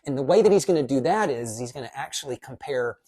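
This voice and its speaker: A pastor giving a casual devotional teaching in a lively, conversational way, dropping quick asides. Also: mid-range voice, husky.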